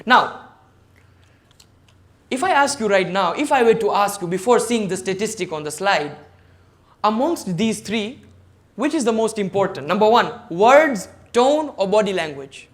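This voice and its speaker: A man's voice: high voice, very animated, unhurried. Man giving an emphatic online speaking lecture. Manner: emphatic, enumerates points, questions the audience directly. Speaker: guest speaker at a service club forum. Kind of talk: motivational public speaking lecture. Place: online meeting.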